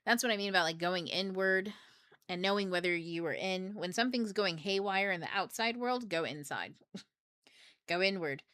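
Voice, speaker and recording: A woman's voice: mid-range voice, normal speed, a bit bright, no room sound. A young woman hosting a book club livestream, talking in a rambling, joking, profane way. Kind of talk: casual livestream talk.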